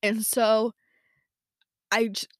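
A woman's voice: on the high side, level tone, drawn-out words, no room sound, clean studio sound. A young woman talking casually in a personal audio journal, rambling with many fillers and talking to herself. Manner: rambling, lots of "like" and "um", self-talk. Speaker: podcast host.

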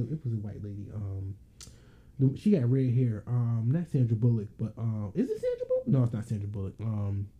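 A man co-hosting a podcast, ranting in an animated, profanity-heavy casual style. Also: mid-range voice, husky, narrow, tinny audio. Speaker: podcast co-host.

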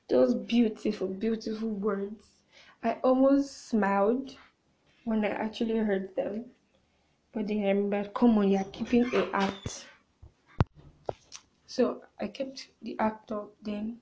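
A young woman with a soft, mellow voice hosts a casual storytime podcast. She talks in an expressive, chatty way and often lowers her voice for confiding asides. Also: slow pace, pauses often, rough recording. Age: young adult. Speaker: podcast host.

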